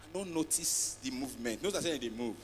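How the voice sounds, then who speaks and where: A man with a Nigerian accent doing a stand-up comedy routine on a big festival stage, switching between Pidgin and English with loud acted outbursts. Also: medium pitch, lively intonation, fast talker. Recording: long hall reverb, faint music.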